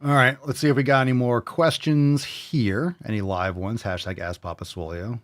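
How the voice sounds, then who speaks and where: A man's voice: mid-range voice, fairly even intonation, normal speed. A man hosting a fitness show in casual livestream chat, brash and joking, swearing freely.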